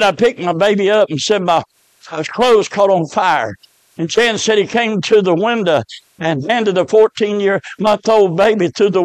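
Preacher guy, high voice, goes quiet then shouts, dry close sound. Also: no room sound. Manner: storytelling, swinging from hushed to shouted. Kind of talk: sermon.

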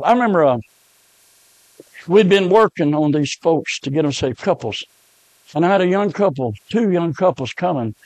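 A pastor, a man of middle age, preaching a heartfelt sermon full of stories. His voice sits a little high and the sound is dry and close, with no room echo. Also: darkish tone. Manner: emotional storytelling preacher.

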